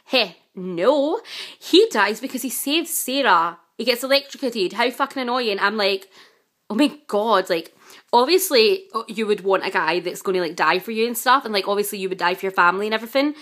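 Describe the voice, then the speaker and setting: A woman's voice: medium pitch, a little fast. Chatty woman gushing about TV. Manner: chatty and excitable, self-described chatterbox; gushing, exasperated outbursts with frequent fillers. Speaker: vlogger reviewing a TV series. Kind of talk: casual chat.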